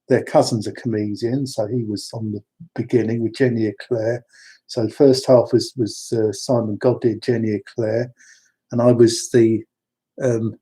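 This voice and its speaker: A man's voice: medium pitch, dark tone, breathy edge. A man from London, chatting through wandering personal stories with frequent restarts. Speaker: storyteller. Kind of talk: rambling personal anecdotes.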